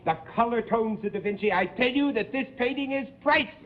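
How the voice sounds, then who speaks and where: Casting: smooth menacing swindler, fairly high voice, muffled old TV sound with audience. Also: male voice, quick pace. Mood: scheming. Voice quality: suave, theatrical. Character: scheming smooth male art swindler, menacing. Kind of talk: 1950s-60s TV sketch comedy.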